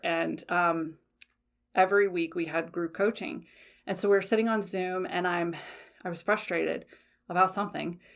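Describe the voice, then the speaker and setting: A woman's voice: lowish voice, gravelly, a bit bright. A woman hosting a solo podcast, talking frankly and casually, swearing freely and often checking in with "okay?". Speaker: podcast host.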